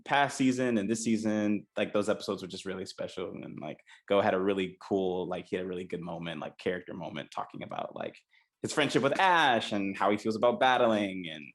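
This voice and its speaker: A man's voice: low-pitched, a little fast. A man, a voice actor on a panel, chatting casually and filling his talk with "like". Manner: filler-heavy talk, full of "like".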